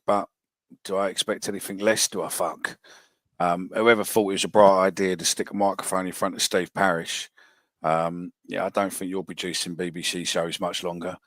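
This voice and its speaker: Deep-voiced bloke hosting a footy podcast, swears a lot, dry close sound. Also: male voice, little pitch movement, normal speed, a bit bright, no room sound. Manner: blunt, swears freely. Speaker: podcast host. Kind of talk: casual football podcast chat.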